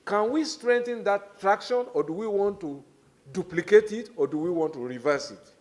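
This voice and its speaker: A middle-aged man with a Nigerian accent speaks as a government minister at a formal public hearing. His voice sits a little high, and he explains his points in a measured, deliberate way, stressing key words. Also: lively intonation, a little mellow.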